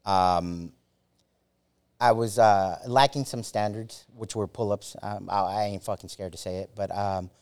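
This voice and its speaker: A man in his forties with a fairly low voice tells a story as a podcast guest. He talks in a casual, halting way, swearing often and restarting his sentences, with plenty of fillers. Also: fairly even intonation, darkish tone, clean tone. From United States. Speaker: former Army Ranger.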